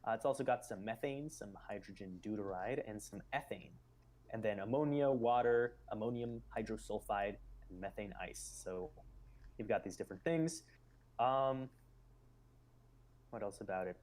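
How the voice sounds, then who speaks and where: A man's voice: fairly low pitch, moderate pace, a little mellow. A man hosting a live stream, explaining ideas in casual chat and musing aloud with loose fillers.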